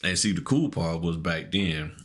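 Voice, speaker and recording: Casting: low-voiced middle-aged man, relaxed slangy podcast storyteller. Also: normal speed. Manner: laid-back, laughing, slangy storyteller. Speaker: podcast co-host. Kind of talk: casual storytelling chat.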